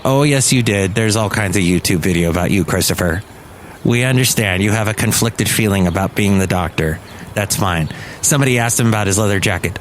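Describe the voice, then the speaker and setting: Talking briskly in a fairly low voice, a U.S. podcast host who also works in talk radio rambles with enthusiasm through his casual solo show, fixing his own words along the way. There is slight background noise.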